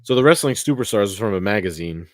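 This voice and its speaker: A man's voice: lowish voice, lively intonation, fast, no echo, studio quality. A man co-hosting a live podcast in casual chat, easygoing, steering the show from one segment to the next. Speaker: podcast co-host.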